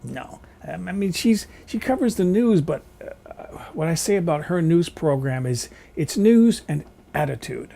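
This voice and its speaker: A man speaking in a casual, rambling, opinionated vlog at home. His voice is lively and varied in pitch, with a dark, gravelly and husky tone. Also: unhurried. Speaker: vlogger. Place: home kitchen.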